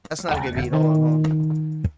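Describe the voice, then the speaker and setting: A man's voice: fairly high pitch, fairly even intonation, brisk, loud music behind the voice. A man hosting a casual live stream, rambling, swearing freely and laughing often. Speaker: livestream host.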